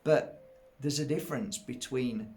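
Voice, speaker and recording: A man's voice: medium pitch, measured pace, a little mellow, soft background music. A man speaking as a psychic medium, earnest and chatty, stopping to restart his sentences and acting out what clients said. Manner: earnest and chatty, with frequent restarts and acted-out quotes. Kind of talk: casual reflective monologue.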